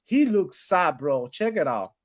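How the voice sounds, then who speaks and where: A man hosting a live gaming stream, talking in a casual, animated way, laughing often, swearing and calling people bro. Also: fairly high pitch, measured pace, slight background noise.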